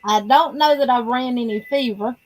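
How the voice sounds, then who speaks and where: A woman's voice: fairly high pitch, moderate pace, darkish tone, slight background noise, poor audio. Matter-of-fact woman guest on a call. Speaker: livestream guest. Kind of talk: casual video call chat.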